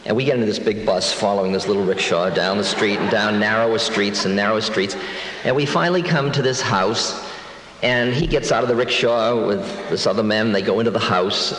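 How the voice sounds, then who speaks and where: A man in his sixties telling a spiritual story to an audience, wry and reflective, slowing down to muse. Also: lowish voice, fairly bright tone, slight background noise. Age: 60s. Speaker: spiritual teacher. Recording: echoey hall with long reverb.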